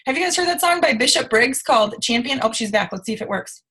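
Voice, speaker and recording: A woman's voice: a little high, lively intonation, quick pace, sharp tone, breathy edge. A young woman hosting a video call, giving a gushing, repetitive motivational pep talk to her team. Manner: gushing, repetitive, hyping up the audience. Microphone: computer mic on a video call.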